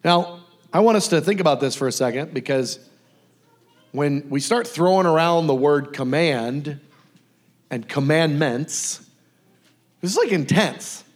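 A man giving a casual, conversational sermon, often acting out lively bits of dialogue. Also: fairly high pitch, a little slow, pauses often. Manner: casual, animated, acts out dialogue. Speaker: preacher.

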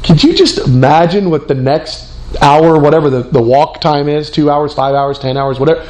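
A man preaching a sermon in an animated, conversational way, with fillers and restarts. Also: a little high, normal speed.

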